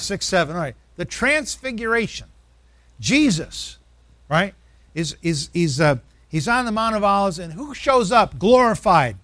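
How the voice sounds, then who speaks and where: A pastor preaching a sermon, quizzing the congregation, reading scripture slowly and acting out quotes with a rising voice. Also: male voice, sits high, pushed and bright, dry recording.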